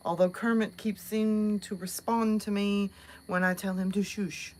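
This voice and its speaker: A woman's voice: mid-range voice, little pitch movement, normal speed. A woman from the American South with a Southern accent, chatting casually on a live stream, rambling and laughing with plenty of fillers. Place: outdoors at night.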